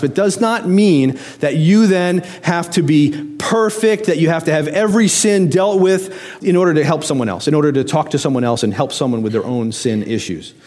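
A man delivering a sermon in a fairly high voice, talking with his listeners rather than at them. He leans on rhetorical questions, and his voice sinks low and quiet when he presses a point home. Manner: conversational preaching with rhetorical questions; drops to quiet, low emphasis on key phrases. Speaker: pastor.

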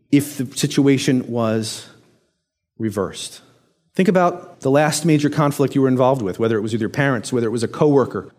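A man's voice: a little high, darkish tone. A man preaching a conversational sermon, often asking the listeners questions. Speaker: pastor.

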